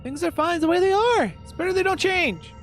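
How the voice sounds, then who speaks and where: A man voicing a pet cat who begs to be left alone in a dream, in a soft, raised voice. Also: extremely high pitch, animated, brisk, soft background music, voice pushed up, full character voice. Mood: begging. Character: pet cat refusing to be woken, wistful.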